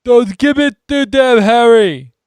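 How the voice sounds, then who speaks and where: A man voicing a frantic teenage boy who shouts defiantly in a strained, high yell during a book reading. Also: slow, clean tone, no room sound, clean studio sound. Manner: yelling, strained.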